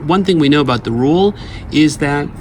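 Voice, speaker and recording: A man's voice: a little high, animated, a little fast, slight background noise. A man teaching literature in an explanatory lecture, reading verse lines aloud and checking in with his listeners.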